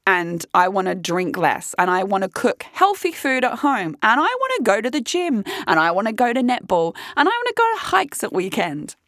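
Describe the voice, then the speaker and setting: A woman's voice: medium pitch, sing-song, normal speed, hardly any pauses, fairly bright tone, dry recording, clean studio sound. A woman in her late thirties telling a dating story as a vlogger, blunt and swearing often. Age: 30s. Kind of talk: casual storytelling monologue.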